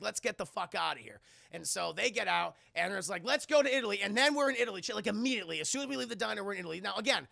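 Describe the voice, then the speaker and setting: A man giving a casual, profane livestream film review, excitable and often talking to his chat while acting out characters in loud voices. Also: high voice, creaky, no echo, clean studio sound.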